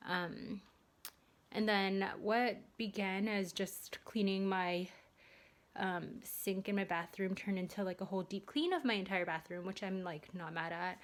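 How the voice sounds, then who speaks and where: A woman's voice: medium pitch, measured pace. A young adult woman vlogging casually at home, chatty and rambling, with lots of fillers. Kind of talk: casual vlog chat.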